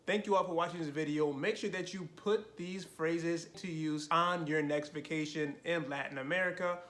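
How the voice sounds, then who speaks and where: Male language teacher, a bit high-pitched, slow and careful delivery. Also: steady tone, a bit bright. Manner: slow, careful modeling of phrases. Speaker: Spanish teacher. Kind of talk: language lesson to camera.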